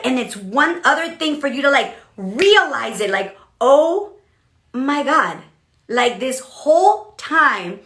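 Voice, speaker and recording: A woman giving a chatty, animated motivational livestream talk as a business coach, with frequent "okay" and "like" fillers. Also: sits high, echoey room. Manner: animated, chatty, many okays and likes.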